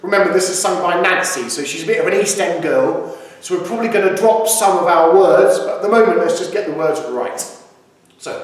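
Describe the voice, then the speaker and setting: A man's voice: high voice, a little fast. A man with a Surrey accent teaching a singalong lesson, chatty and cheerful, explaining the lyrics between sung lines. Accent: Surrey English. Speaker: singing teacher. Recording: echoey room, distant mic, loud music. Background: piano accompaniment.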